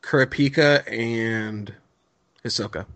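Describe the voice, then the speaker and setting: A young man co-hosting a podcast, chatting about an anime in a relaxed, wry way with crude humor. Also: mid-range voice, slow, no echo. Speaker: podcast co-host. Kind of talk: casual chat about an anime.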